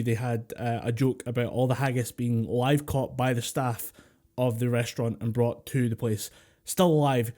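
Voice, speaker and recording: A Scottish man with a soft, mellow tone, chatting casually as a podcast co-host. He rambles, swears freely and laughs often. It sounds like he is talking over a voice call. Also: medium pitch. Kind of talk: casual chat. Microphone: Discord voice call.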